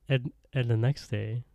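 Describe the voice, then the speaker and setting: A man's voice: mid-range voice, gravelly, mellow, no room sound. A man co-hosting a podcast, recapping an episode in a rambling, casual way and acting out the characters' lines with laughs. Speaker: podcast co-host.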